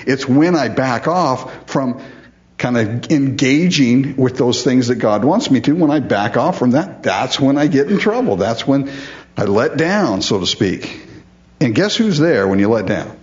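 Animated middle-aged preacher, lo-fi sound. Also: male voice, mid-range voice, a little slow. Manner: animated, chuckles often, voices the psalmist in character. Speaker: pastor. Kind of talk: sermon. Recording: dull lo-fi sound.

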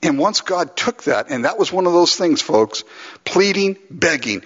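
A pastor from Los Angeles preaching with a lively, swinging delivery and a slightly husky voice. He acts out heartfelt prayers and keeps chuckling as he goes. The recording is dull and lo-fi, and a long reverb trails off in a large hall. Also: on the high side, unhurried. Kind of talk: sermon.

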